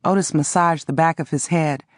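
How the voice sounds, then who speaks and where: Low-voiced woman narrating an audiobook. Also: normal speed, no echo, clean studio sound. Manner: expressive, dramatic reading. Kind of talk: first-person audiobook narration.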